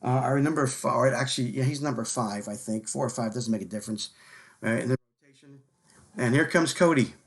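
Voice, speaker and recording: A man hosting a live sports talk show, chatting casually with many fillers and repeated words. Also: medium pitch. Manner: filler-heavy, repeats words, quick to laugh. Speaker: podcast host.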